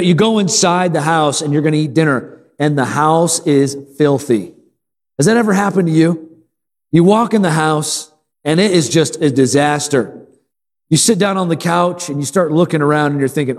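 High-voiced preaching man in a reverberant hall. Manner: call-and-response with the congregation; repetitive, emphatic preaching. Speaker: pastor. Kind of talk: sermon.

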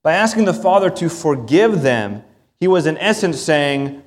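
A man's voice: high-pitched, expressive, normal speed. A man preaching a sermon in an earnest, emphatic way, with asides to his congregation. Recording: long hall reverb.

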